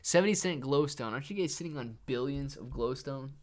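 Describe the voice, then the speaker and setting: A man's voice: medium pitch, a little fast. Laid-back man reading chat on stream. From Ohio, USA. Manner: laid-back, reads chat aloud, calls viewers man and dude. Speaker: livestream trading host. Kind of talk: casual livestream chat.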